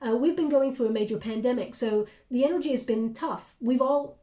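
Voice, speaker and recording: This tarot reader gives a casual reading to camera in a mellow, slightly high voice that moves a little fast. She's encouraging and reassuring, full of fillers and restarts, and becomes emotional for a brief moment.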